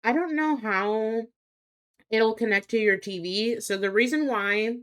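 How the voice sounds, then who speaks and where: A woman's voice: on the high side, unhurried, a bit bright. A young adult woman live streaming, chatting casually with viewers. She rambles, hesitating and restarting often with many fillers. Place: home streaming setup.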